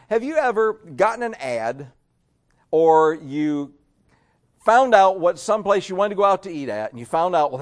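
Male pastor, lively sermon delivery, raised voice, dramatic hush-and-boom swings. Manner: animated preaching with sudden loud and hushed swings.

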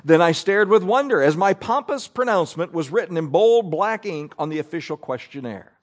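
High-voiced male preacher reading aloud. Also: expressive. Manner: reads aloud deliberately, with asides to the congregation. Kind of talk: sermon, reading scripture and an article aloud.

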